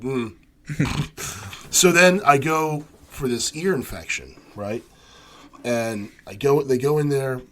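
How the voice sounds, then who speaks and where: A man's voice: mid-range voice, a bit bright. A man co-hosting a casual podcast who tells long stories full of fillers. He acts out what the other people said as he goes. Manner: storytelling, acts out quotes, many fillers. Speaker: podcast co-host. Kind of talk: casual chat.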